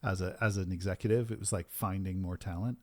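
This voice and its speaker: Low-voiced, emphatic male podcast host. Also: fast talker, no room sound, clean studio sound. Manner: energetic, emphatic, repeats "right?" and "like". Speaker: podcast host and business coach. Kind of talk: casual podcast conversation.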